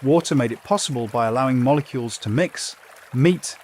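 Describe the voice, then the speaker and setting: A man narrating a scripted sleep story about science in a calm, soothing, unhurried way. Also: medium pitch, slight background noise.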